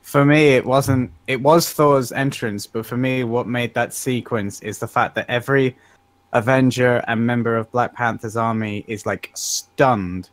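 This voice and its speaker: An enthusiastic man chats quickly on a podcast and sounds amused. His pitch is medium. The recording is dry and close to the mic. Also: steady tone, dry recording. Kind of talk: casual podcast chat.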